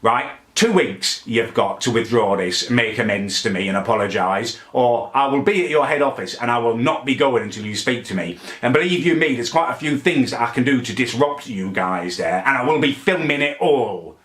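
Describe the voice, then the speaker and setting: A man's voice: medium pitch, animated, normal speed, hardly any pauses, fairly bright tone, lightly acted. A man playing a petty, self-righteous young man who rants indignantly to camera in a comic vlog. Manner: indignant, pompous, builds into angry outbursts. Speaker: comedy character vlogger. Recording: echoey room.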